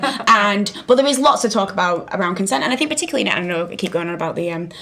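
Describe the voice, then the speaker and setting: Fast-talking woman explaining. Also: mid-range voice, animated, creaky, sharp tone. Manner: explains at length, with frequent restarts and fillers. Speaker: vice principal and podcast guest. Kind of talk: casual podcast conversation.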